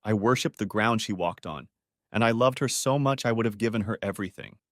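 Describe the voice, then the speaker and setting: A man's voice: fairly low pitch, fairly quick, dry recording, clean studio sound. A man narrating a first-person revenge story with dramatic, bitter delivery. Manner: dramatic, bitter, voices the shouted lines.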